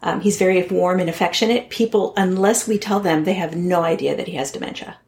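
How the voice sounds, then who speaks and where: A woman's voice: on the low side, a little fast, darkish tone. Heartfelt woman telling a family story. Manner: earnest, heartfelt, candid. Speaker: guest. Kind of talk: personal storytelling in a podcast interview.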